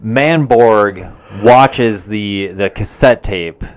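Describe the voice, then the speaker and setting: A man talks through a film's plot on a podcast in a relaxed, casual way. He speaks slowly, pausing often with "um" and "uh". His voice is smooth and clear and sits a little low. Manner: unhurried, hesitant with many fillers. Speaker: podcast co-host. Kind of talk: casual movie recap chat.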